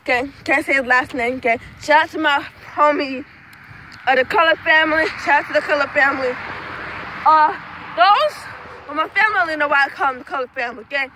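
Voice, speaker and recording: A woman's voice: high voice, brisk, noisy background. A young woman telling a rambling, profane storytime vlog outdoors at dusk, tagging her phrases with "okay?". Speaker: student vlogger.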